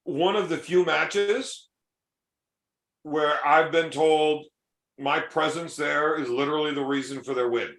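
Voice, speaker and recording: A man's voice: fairly high pitch, fairly even intonation, measured pace, a bit bright, reverberant. A man hosting a casual podcast chat, telling coaching stories in a profane, emphatic way. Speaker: podcast host and arm wrestling coach.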